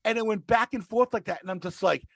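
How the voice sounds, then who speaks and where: Brief: male podcast regular, raspy high voice, loose storyteller. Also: quick pace, no echo. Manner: rambling, restarts mid-sentence. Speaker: podcast regular, rideshare driver. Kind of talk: casual storytelling.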